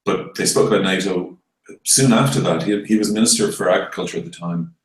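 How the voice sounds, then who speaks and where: A man's voice: low-pitched, a little fast. An Irish man in a casual roundtable chat, talking in a wry, rambling and hesitant way. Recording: echoey room.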